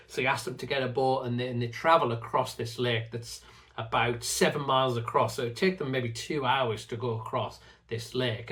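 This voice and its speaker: A man's voice: medium pitch, a bit bright. A middle-aged man hosting his own channel, giving an earnest, reflective talk on faith. He often repeats a word as he starts a phrase. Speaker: faith teacher and channel host.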